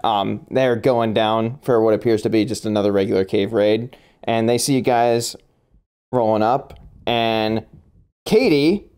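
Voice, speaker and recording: A man narrating a tabletop game as game master, relaxed and laughing often, with plenty of fillers. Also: fairly low pitch, a little slow, clean tone.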